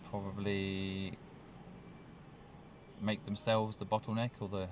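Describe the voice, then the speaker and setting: A man's voice: lowish voice, flat delivery, slow pace. A man hosting a live stream outdoors on a city street, talking casually and joking as he answers questions. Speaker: host. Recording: street traffic noise.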